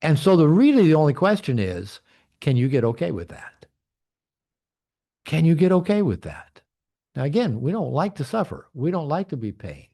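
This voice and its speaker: A man's voice: fairly high pitch, big pitch swings, brisk, creaky, mellow. A man in his sixties, a men's coach giving a candid, reflective personal talk to an online group. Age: 60s. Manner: earnest, reflective, candid storytelling. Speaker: men's coach and community leader.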